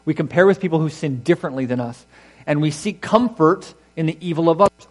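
A man's voice: a little high, fast, rough recording. Earnest male pastor preaching a sermon. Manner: earnest, emphatic, with frequent restarts and rhetorical questions.

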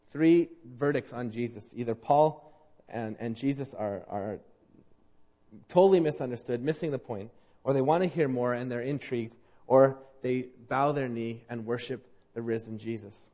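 A man preaching a sermon, moving between loud emphatic declarations and quiet earnest appeals to the congregation. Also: mid-range voice, moderate pace. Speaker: pastor.

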